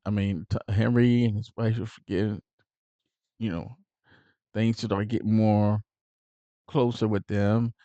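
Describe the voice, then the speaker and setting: Man animatedly retelling a movie, mellow. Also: on the low side, no room sound. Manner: animated retelling with acted-out quotes; loose, rambling with fillers. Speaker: movie reviewer. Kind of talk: casual movie recap.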